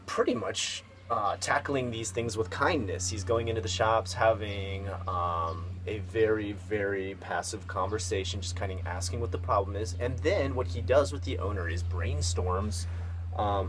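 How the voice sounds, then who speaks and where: Male host with a lowish voice, loose rambling storyteller full of ums and uhs, noisy background. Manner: rambling, hesitant, many fillers and restarts. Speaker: video host. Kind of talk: casual storytelling commentary. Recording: noticeable background noise.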